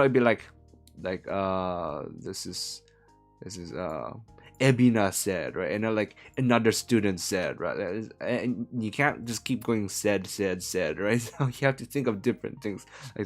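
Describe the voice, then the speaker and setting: A man from Hong Kong translating a novel live on stream, talking casually and rambling with many fillers and self-corrections. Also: lowish voice.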